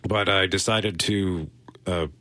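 A middle-aged man co-hosting a laid-back movie podcast, his voice bright and forward. He rambles through his thoughts with restarts and frequent laughter. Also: deep voice, steady tone, takes it slowly. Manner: chatty, rambling, laughs often. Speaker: podcast co-host. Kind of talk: casual chat about movies.

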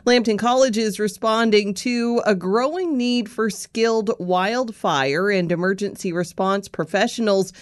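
A woman anchoring a local radio newscast, reading the news and weather in a steady, measured way. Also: mid-range voice, dry recording, studio quality.

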